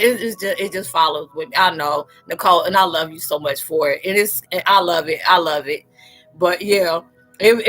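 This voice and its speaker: A woman's voice: mid-range voice, fairly bright tone. A woman hosting a live chat, joking around playfully and talking straight to her viewers in slangy, casual speech.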